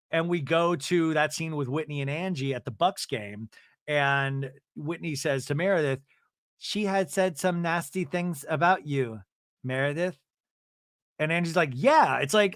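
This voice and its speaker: Animated man recapping, lively pitch. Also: moderate pace, no room sound, clean studio sound. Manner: animated, mimics cast members in exaggerated voices. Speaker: podcast host recapping a reality show. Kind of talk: comedic recap with mock quotes.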